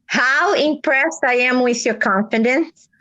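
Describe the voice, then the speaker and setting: A woman's voice: high voice, unhurried, highs cut off. A woman from America, hosting a casual live chat and telling stories earnestly with many restarts. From South America. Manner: earnest, animated storytelling with restarts. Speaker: livestream host.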